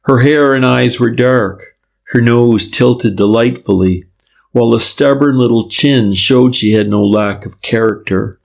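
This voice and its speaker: A man narrating a classic detective novel in a steady, measured reading. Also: mid-range voice, gravelly. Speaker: audiobook narrator. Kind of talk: scripted narration.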